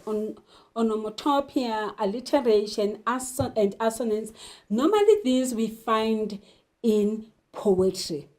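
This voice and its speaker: Slow-speaking woman teacher, mellow voice. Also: on the high side. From South Africa. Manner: slow, deliberate, poses questions then answers them. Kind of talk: literature lesson.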